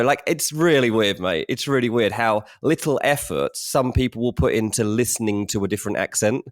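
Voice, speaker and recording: A man with an English accent co-hosting a football podcast, chatty and excitable, often saying "mate". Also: medium pitch, a little fast, hardly any pauses, no echo, clean studio sound. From England. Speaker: podcast co-host. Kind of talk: casual football podcast chat.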